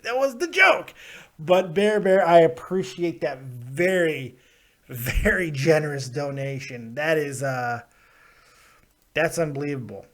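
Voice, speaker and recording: A man hosting a live call-in show, talking in a loud, blunt and profane way and laughing often. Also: on the high side, lively intonation, takes it slowly. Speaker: host of a wrestling call-in show. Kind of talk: casual live call-in chat.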